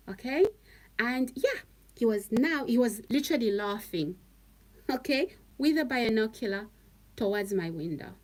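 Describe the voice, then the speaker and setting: A woman with a fairly high, slightly mellow voice talks to viewers on a live stream, heard through a low-quality recording. She's emphatic and repetitive, repeating phrases and checking in often with "okay?".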